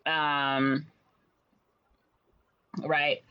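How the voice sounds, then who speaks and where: A young adult chattily retelling a musical's plot, with lots of ums and quick jumps in pitch to act out the lines. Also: flat delivery, clean tone. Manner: rambling storyteller with many fillers, jumps to higher pitch for quoted lines. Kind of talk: casual chat. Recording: slightly dull lo-fi recording.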